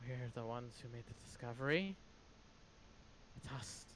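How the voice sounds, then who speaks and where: A manic, unhinged researcher guards his discovery with hushed menace, as a man acts him out. He is a tabletop game villain with a mid-range voice that drops low and quiet. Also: animated, a little slow, slight background noise, natural voice, rough recording. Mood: menacing.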